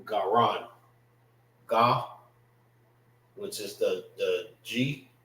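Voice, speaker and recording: An American man teaching a Hebrew class, slowly drilling pronunciation and checking in with "all right" and "know what I mean". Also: mid-range voice, steady tone, reverberant, rough recording. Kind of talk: classroom language lesson.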